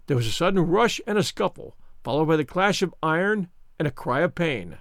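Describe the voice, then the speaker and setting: A man reading a story aloud in a measured storytelling manner. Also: on the high side, expressive, a bit bright, dry recording, studio quality. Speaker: narrator. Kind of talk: scripted story narration.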